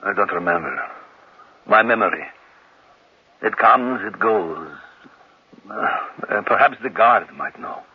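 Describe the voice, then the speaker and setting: A man's voice: on the low side, animated, slow pace, long pauses, breathy edge, heavily acted. An actor playing a frail, weary male prisoner whose memory is failing, with dry sarcasm, in an old radio drama. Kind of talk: 1940s-50s radio drama acting. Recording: dull lo-fi old radio recording.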